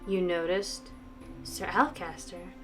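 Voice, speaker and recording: A woman voicing a creepy, insolent masked man in a slow, mocking drawl while playing a story game. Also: on the low side, steady tone, soft background music. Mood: wary.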